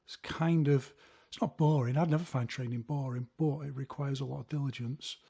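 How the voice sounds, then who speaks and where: Male instructor, husky, explanatory tone, counting through drills. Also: medium pitch, fairly even intonation, a little fast, mellow. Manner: explanatory, counts punches aloud while demonstrating. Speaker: martial arts instructor. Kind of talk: demonstrating martial arts drills.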